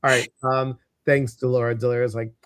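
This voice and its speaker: A man's voice: mid-range voice, little pitch movement, normal speed, fairly bright tone, slight background noise. A man with a Midwestern American accent hosting a casual livestream, chatty and rambling with lots of fillers. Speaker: host.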